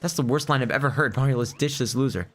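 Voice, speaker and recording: A man's voice: medium pitch, quick pace, close to an everyday voice. A man voicing a sassy, scornful young woman with a snippy delivery. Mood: disgusted.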